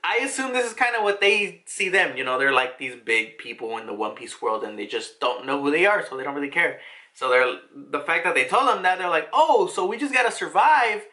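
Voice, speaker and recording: A man casually recapping a comic chapter, excitable and animated, swearing freely as he goes. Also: medium pitch, fairly quick. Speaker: comic reaction host.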